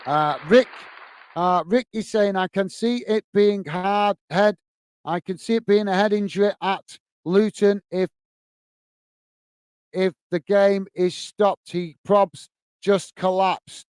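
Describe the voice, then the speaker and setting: A man's voice: sits high, fairly even intonation, slow, a little mellow, clean tone, no room sound. A middle-aged man hosting a football fan live stream, reading out viewers' comments and thanking each one by name, with lots of "mate" and "top man". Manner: friendly, repeats thanks and "mate" often. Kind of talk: casual live-stream chat.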